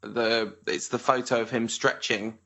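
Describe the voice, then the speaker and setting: A man's voice: mid-range voice, level tone, measured pace, creaky, a bit bright, muffled recording. A man hosting a casual podcast, talking in a hesitant way with frequent fillers and self-corrections. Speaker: podcast host.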